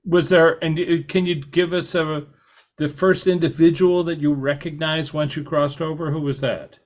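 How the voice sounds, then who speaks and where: A man hosting a podcast interview, talking in a halting way with many fillers and restarts. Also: on the high side, fairly even intonation. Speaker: podcast host. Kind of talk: conversational interview.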